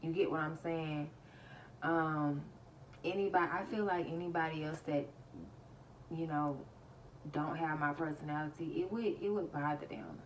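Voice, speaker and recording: A woman's voice: low voice, fairly even intonation, normal speed, long pauses, distant mic, a little hiss or hum, low-quality recording. A woman casually telling her viewers a story, laughing often as she retells it. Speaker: vlogger.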